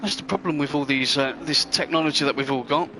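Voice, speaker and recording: A man's voice: on the high side, quick pace, background noise. A man hosting a sim racing live stream, chatting casually and rambling with viewers. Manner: chatty, rambling, friendly banter with chat. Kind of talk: live stream commentary chat.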